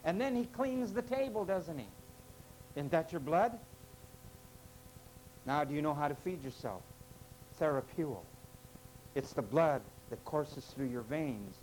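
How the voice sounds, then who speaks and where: High-voiced emphatic man preaching. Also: expressive, a little slow, pauses often, a little mellow, slight background noise, rough recording. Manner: emphatic, rhetorical questions to congregation. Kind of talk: sermon. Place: church with parking lot.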